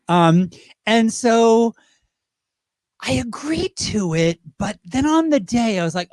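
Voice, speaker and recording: High-voiced British drag performer telling stories. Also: male voice, no room sound. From Great Britain. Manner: animated, quick impressions, laughs while talking. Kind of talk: casual interview storytelling.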